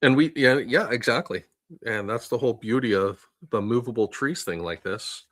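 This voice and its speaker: A man's voice: medium pitch, normal speed, fairly bright tone. A man co-hosting a casual live stream, chatting and adding side remarks and ideas. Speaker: co-host.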